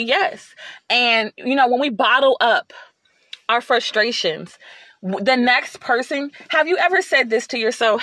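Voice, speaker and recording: A woman hosting a podcast, telling a personal story in a casual, animated way and acting out the lines she quotes. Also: fairly high pitch, dry recording. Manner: animated, repeats words, acts out quotes. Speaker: podcast host.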